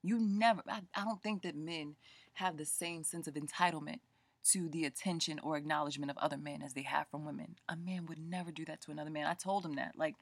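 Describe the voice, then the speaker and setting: A woman speaking tells a story in a casual, animated rant, and she acts out the people in it. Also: low voice, quick pace, breathy edge, dry recording. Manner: animated, colloquial, quoting people in voices. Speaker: book vlogger.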